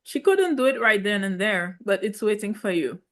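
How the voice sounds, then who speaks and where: A woman's voice: medium pitch, expressive, moderate pace. A woman in a casual, sassy reality TV recap, with speech and playful, opinionated asides. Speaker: reality show recap host.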